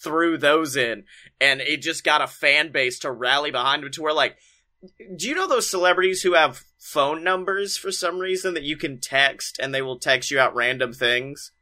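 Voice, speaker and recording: A man co-hosting a casual podcast chat, excitable and swearing freely, acting out quotes with loud outbursts. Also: fairly high pitch, moderate pace. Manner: excitable, swears a lot, acts out quotes with big shouts. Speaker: podcast co-host. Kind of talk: casual chat about wrestling.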